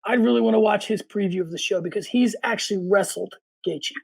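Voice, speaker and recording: A man's voice: high voice, brisk, creaky, husky, poor audio. A man co-hosting a casual sports podcast, giving opinions and moving the segments along. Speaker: podcast co-host.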